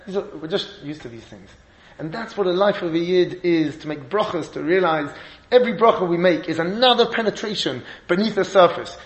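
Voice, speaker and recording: Animated, high-voiced man teaching a Torah lecture. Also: reverberant, low-quality recording. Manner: animated, emphatic, laughs often, Hebrew and Yiddish terms. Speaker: rabbi giving a shiur.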